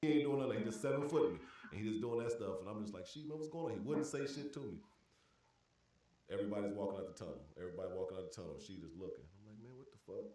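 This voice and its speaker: A man with a fairly low voice rattles off a story fast, chuckling and throwing in slang and curses. He sounds distant from the mic, and the room gives a strong echo. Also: animated, mellow. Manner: laughing, cursing, slangy, acts out quotes. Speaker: podcast guest telling a story. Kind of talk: casual storytelling. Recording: roomy echo, far from the mic.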